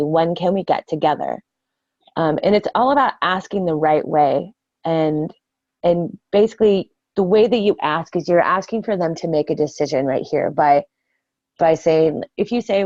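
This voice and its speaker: An older woman talks through a sales training session in a casual, earnest way, full of ums and restarts. Her voice sits low and mellow. The recording is dry and dull, with little room sound. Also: measured pace, no room sound. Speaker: network marketing trainer.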